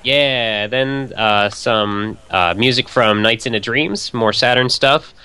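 Bright, crisp-voiced male guest. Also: medium pitch, takes it slowly. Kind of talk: casual podcast chat.

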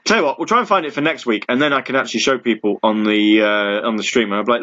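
A man's voice: medium pitch, fast talker, fairly bright tone, lo-fi sound. A man hosting a live internet radio stream, chatting casually and rambling with a jokey manner.

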